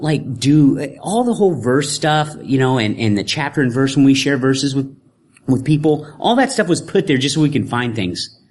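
A man's voice: a little high, darkish tone. A male preacher giving a conversational sermon with frequent informal asides.

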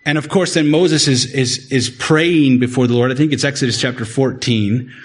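Husky-voiced man preaching a sermon. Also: steady tone, normal speed. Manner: earnest, rises in pitch when stressing a point, repeats words. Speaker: pastor.

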